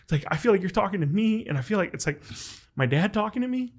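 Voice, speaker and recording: A man's voice: high-pitched, expressive, quick pace, husky. A man hosting a podcast interview, telling a family story in an earnest, emotional way, full of "like" fillers as he talks directly to his guest. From United States. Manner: speaks directly and warmly to the guest. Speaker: podcast host. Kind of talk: heartfelt interview conversation.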